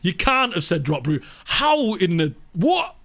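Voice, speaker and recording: Animated male football-fan streamer. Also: sits high, unhurried. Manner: animated, mock-outraged, repeats words. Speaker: fan channel presenter reading live chat. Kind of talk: casual live-stream chat.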